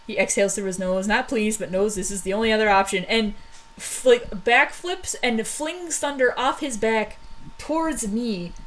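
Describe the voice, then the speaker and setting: A woman casually recapping old stories, rambling with lots of fillers and quick laughs. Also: on the high side, fairly bright tone, rough recording. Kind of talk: casual chat.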